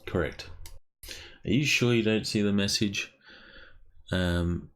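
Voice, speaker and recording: A man running a tabletop game as game master, talking haltingly with frequent ums. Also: lowish voice, fairly bright tone, smooth. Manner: halting, pauses with ums while narrating.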